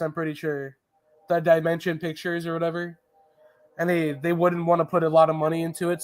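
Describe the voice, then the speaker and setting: A man co-hosting a casual podcast, rambling enthusiastically about films with lots of fillers and restarts. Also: on the high side. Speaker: podcast co-host. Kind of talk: casual chat about movies.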